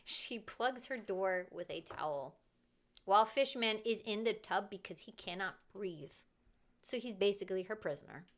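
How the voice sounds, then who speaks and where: A woman streamer telling a story in casual chat, in an animated, chatty way. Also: mid-range voice, moderate pace.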